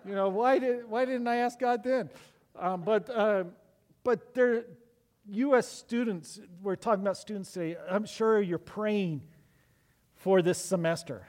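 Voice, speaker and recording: A man's voice: high-pitched, unhurried. A middle-aged man preaching a sermon as pastor, telling stories in a conversational way with frequent restarts. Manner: conversational storytelling with many restarts. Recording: long echo of a large hall.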